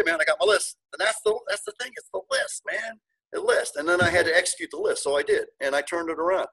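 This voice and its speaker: A man's voice: a little high, fairly bright tone, breathy edge, rough recording. A middle-aged man telling his story as an interview guest, earnest and emotional, with many restarts. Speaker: guest, car dealership owner.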